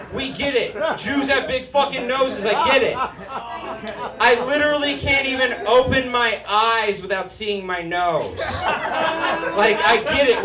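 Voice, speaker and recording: With an extremely high pitch and sitting far from the mic, a man from Utah delivers a stand-up routine in a nasal, whiny voice, ending bits with sardonic, cursing punchlines. The setting is a small comedy stage before a live studio audience, recorded in a roomy space with laughter.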